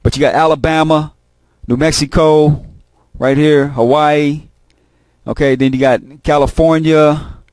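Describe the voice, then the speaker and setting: Man, rambling profane monologue, repeats himself, slightly high voice, dry close recording. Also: fairly even intonation, a little slow, darkish tone, no echo. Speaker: host of a video channel.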